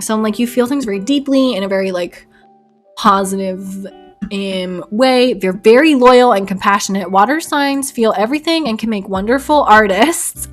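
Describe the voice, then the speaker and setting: A woman's voice: a little high, fairly bright tone. A woman streamer chatting casually with her live chat while she paints, bubbly and giggly and rambling, at her home desk.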